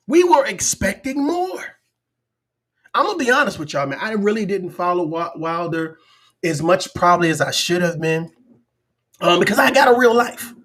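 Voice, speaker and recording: A man's voice: high voice, fairly bright tone. A man hosting a live-stream talk show, chatting casually and animatedly, often acting out other people's voices. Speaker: livestream show host.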